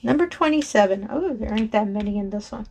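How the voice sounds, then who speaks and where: A woman's voice: fairly high pitch, animated, fast, creaky, a little mellow. A woman vlogger chatting casually while sorting craft supplies, enthusiastic, laughing often and correcting herself as she goes. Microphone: desk microphone below a raised camera.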